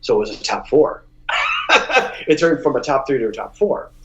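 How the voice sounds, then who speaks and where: A man talking casually as a guest musician, mid-pitched and animated, often restarting his sentences. He jumps up high when he acts out what others said. The sound is a little dull and lo-fi. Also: normal speed. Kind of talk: casual interview storytelling.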